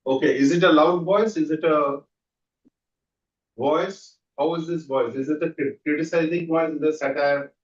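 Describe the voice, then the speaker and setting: A man leading a guided visualization exercise as a trainer, coaching with quick repeated questions. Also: fairly high pitch, steady tone. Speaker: NLP trainer. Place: training room. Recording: dull echoey room audio from far off.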